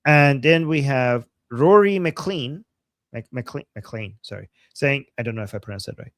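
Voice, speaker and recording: A man's voice: medium pitch, animated, unhurried, dry recording. Young male livestream co-host, Persian first language, loose rambling chat, dead-dry room. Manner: rambling, many restarts and "like".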